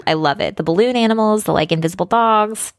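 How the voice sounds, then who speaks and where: A woman of middling pitch co-hosting a podcast, chatting casually and tossing in short, agreeing replies. Her voice is recorded dry and close, with no room sound. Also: no room sound. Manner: quick agreeing replies, laughs along. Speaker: podcast co-host. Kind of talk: casual chat.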